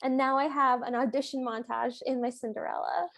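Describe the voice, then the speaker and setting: High-voiced, giggly woman co-host. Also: a little fast, creaky. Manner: giggly, animated retelling. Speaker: podcast co-host. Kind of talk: casual chat recapping a film.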